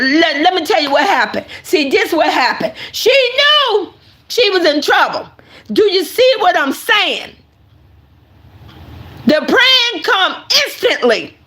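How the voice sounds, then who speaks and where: A woman with a high-pitched voice giving casual commentary to her online audience. She is animated and emphatic and keeps addressing her viewers directly. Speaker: online content creator.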